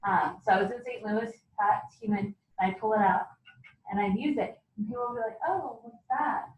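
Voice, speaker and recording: A woman's voice: mid-range voice, steady tone, brisk. Encouraging woman leading a group, echoey. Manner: encouraging, prompts others with questions. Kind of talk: casual group discussion. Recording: echoey room, distant mic.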